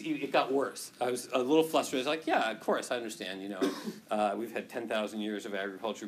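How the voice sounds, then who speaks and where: A man's voice: medium pitch, a little hiss or hum. A male teacher lecturing to a class and telling a story against himself, rambling with many restarts and frequent laughs.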